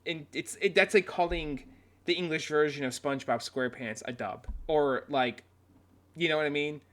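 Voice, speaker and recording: A man's voice: on the high side, normal speed, a bit bright. A man hosting a casual reaction video who rants, swears often and restarts his sentences a lot. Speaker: video host.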